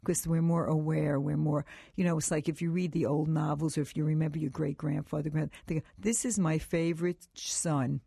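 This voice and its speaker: A woman's voice: low voice, brisk, vocal fry, few pauses, slightly rough, dry recording, clean studio sound. An older woman educator speaking as a radio guest, telling stories with animation and frequent laughs. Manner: animated storyteller, laughs often. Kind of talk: call-in radio chat.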